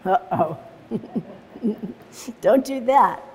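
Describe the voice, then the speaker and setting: A woman leads a live watercolor demonstration, describing every brushstroke aloud in a relaxed, chatty way and breaking into easy laughter. Her voice sits at a middle pitch. A long reverb hangs on it, as in a large room. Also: extremely slow, slight background noise. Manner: chatty, narrates each step as she paints; laughs easily while telling stories. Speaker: watercolor painting instructor.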